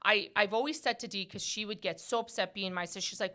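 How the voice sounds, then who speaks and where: A middle-aged woman hosting a podcast in casual chat, animated and quick to laugh, acting out quoted conversations. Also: mid-range voice. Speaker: podcast host.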